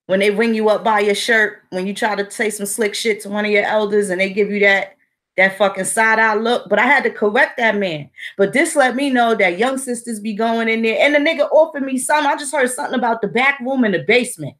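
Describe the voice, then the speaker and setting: A woman's voice: on the high side, a little fast, fairly bright tone. A woman, telling stories in a blunt, profane casual monologue. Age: 40s. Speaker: vlogger.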